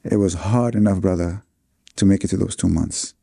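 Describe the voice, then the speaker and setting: A man's voice: deep voice, moderate pace, vocal fry, mellow, breathy edge, no echo, studio quality. A man, earnestly telling his life story as an interview guest, full of fillers and restarts. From New York City, USA.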